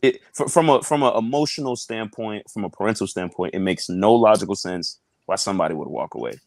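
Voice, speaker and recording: A man's voice: animated, a little fast, a little mellow, dry recording. Blunt, crude young comedian man. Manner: blunt, crude, acts out others in a high mocking voice. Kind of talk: casual panel discussion.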